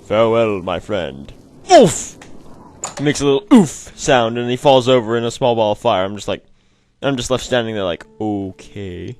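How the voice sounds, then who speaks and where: A fast-talking man with a medium-pitched, darkish voice and fairly even intonation comments on a video game he's playing for a let's play. He's chatty, meanders and mocks himself, with slight background noise in the recording.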